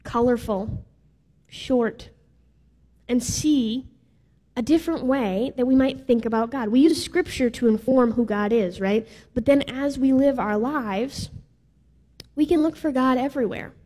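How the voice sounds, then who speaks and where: A woman's voice: fairly high pitch, unhurried, warm tone. A woman preaching a sermon in a casual, playful way with some filler words. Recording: reverberant hall.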